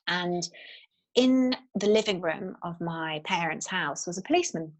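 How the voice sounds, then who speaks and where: A woman in her thirties speaks as an interview guest, her voice sitting on the lower side and carrying a soft breathiness. She tells her story candidly, pausing on fillers and starting phrases over. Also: expressive, low-quality recording. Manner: candid, halting, with many fillers and restarts.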